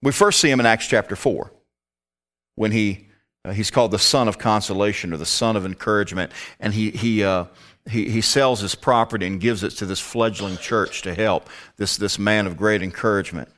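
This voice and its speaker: Low-voiced man teaching a Bible study. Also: normal speed, fairly bright tone. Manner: emphatic, asks rhetorical questions.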